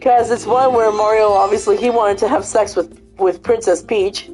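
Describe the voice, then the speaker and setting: A woman chatting casually, retelling a funny video with lots of swearing and animated storytelling. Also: medium pitch, normal speed, soft background music, poor audio. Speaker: host. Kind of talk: casual chat.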